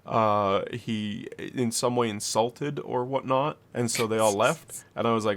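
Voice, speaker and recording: This young adult man co-hosts a podcast and tells a long, rambling story, swearing and laughing throughout. His voice is medium in pitch, a bit bright, and unhurried.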